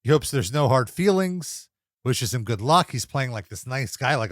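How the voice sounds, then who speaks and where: A young man talks through a wrestling recap in a casual podcast voice, his pitch swinging up and down as he gets excited. He laughs a lot and drops into quick impressions of wrestlers and announcers. The sound is close and dry, with no room around it. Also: no room sound. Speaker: co-host reviewing wrestling episodes.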